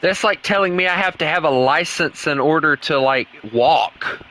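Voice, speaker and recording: Brief: American male gaming streamer, teasing banter, slightly higher pitch, crisp bright tone. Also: normal speed. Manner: teasing, playfully needling a friend. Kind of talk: casual gameplay chat.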